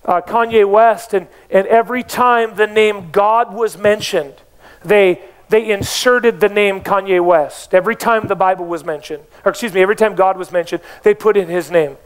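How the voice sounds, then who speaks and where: Man, pastor preaching, fairly high voice, emphatic, rhetorical questions. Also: moderate pace, clean tone. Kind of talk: sermon. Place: church.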